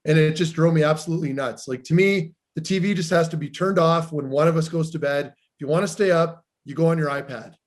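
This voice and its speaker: A man co-hosting a podcast, telling rambling, animated anecdotes in casual chat. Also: a little high, fast talker, few pauses. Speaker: podcast co-host, former pro hockey player.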